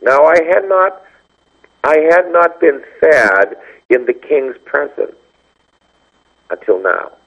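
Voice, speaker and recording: Male priest, radio Bible teaching, lively storytelling, husky voice, lo-fi sound. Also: a little high, takes it slowly, pauses often. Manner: animated storytelling, acts out quoted dialogue.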